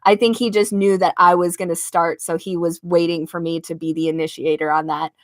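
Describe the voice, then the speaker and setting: A woman's voice: lowish voice, little pitch movement, fairly quick, dry recording, studio quality. A young woman from the United States telling a story to her live chat from her bedroom. She laughs often and acts out the lines of other people. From United States (Las Vegas). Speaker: live-stream host. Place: home bedroom. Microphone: own microphone at desk.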